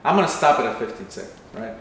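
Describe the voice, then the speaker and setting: A man's voice: on the low side, very animated, quick pace, gravelly, a bit bright. A man hosting, casually talking through a plan for a video and acting out lines. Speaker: channel host. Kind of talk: casual planning chat. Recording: very echoey room, faint noise.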